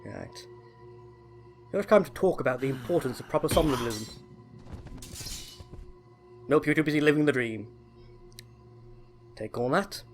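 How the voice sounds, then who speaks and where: A man giving chatty, enthusiastic gameplay commentary, often correcting himself. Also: medium pitch. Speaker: let's play host.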